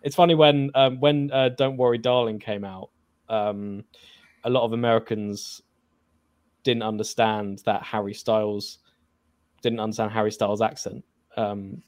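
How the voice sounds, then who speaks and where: An English man talking through a film in loose, rambling podcast chat, full of "ums" and restarts. His voice sits low, and the recording is dry and close with no room sound. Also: level tone, unhurried, no echo. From England. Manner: rambling, many fillers and restarts. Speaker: podcast co-host.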